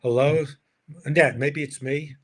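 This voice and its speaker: A man's voice: a little high, steady tone, takes it slowly. Rambling self-deprecating male comedian. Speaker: comedian, stream co-host. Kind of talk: casual storytelling chat. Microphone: livestream video call mic. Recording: noisy stream audio.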